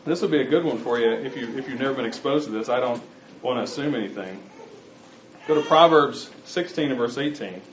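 A man's voice: mid-range voice, brisk, a little hiss or hum. A man preaching a sermon, talking conversationally and speaking directly to his congregation. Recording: roomy, slightly muffled recording.

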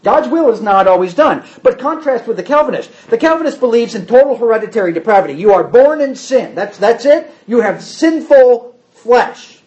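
A man's voice: extremely high pitch, expressive, moderate pace, few pauses, darkish tone, highs cut off. A man teaching a Bible class, explaining carefully, repeating key points and adding wry asides.

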